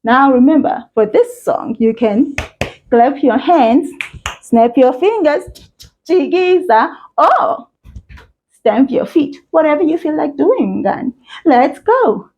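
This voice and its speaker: A woman teaching a children's language lesson, encouraging and sing-song, speaking slowly and clearly. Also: sits high, animated, mellow, dull audio, a little hiss or hum. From South Africa.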